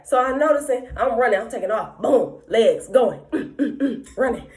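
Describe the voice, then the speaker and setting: A young woman hosting a podcast, telling a long story in a rambling, profane, animated way with heavy slang. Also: fairly high pitch, measured pace. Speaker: podcast host. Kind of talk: casual storytelling monologue.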